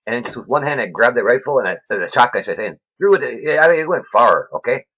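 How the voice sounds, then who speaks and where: A man talking to his viewers about faith in a rambling, preachy way, keeps asking "right?", and his voice swings between loud and soft with emotion. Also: medium pitch, sing-song, fast talker, slightly rough, lo-fi sound. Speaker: vlogger. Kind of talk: rambling faith talk to camera.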